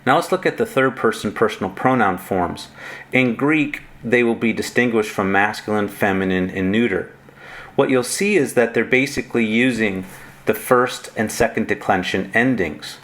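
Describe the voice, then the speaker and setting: A man's voice: fairly low pitch, moderate pace, fairly bright tone. A man teaching Greek grammar in a recorded lecture, methodical and reciting word forms one at a time.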